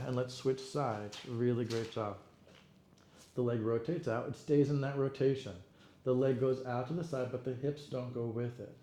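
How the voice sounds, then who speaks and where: A man leading an exercise class, counting reps and giving steady encouragement and cues. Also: medium pitch. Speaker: fitness instructor. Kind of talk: guided exercise class cueing. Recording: roomy echo, faint room noise.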